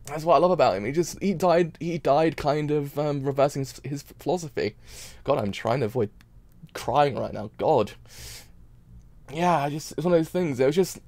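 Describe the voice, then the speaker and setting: A man's voice: fairly high pitch, a little mellow, dry recording. Tearful man rambling in a dry booth. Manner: tearful, rambling, repeats himself. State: crying. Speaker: anime reaction streamer. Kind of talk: emotional casual reaction talk.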